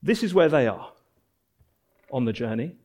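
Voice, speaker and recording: A man preaching a sermon, earnest and emphatic, repeating phrases and dropping to soft, low endings. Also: very animated, normal speed.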